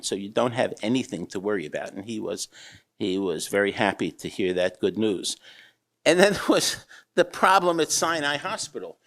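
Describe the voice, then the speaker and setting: An older rabbi giving a humorous storytelling talk, with a wry manner and acted-out characters. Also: male voice, fairly low pitch, gravelly, a bit bright. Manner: wry, anecdotal, acts out characters. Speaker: rabbi and eruv builder speaking.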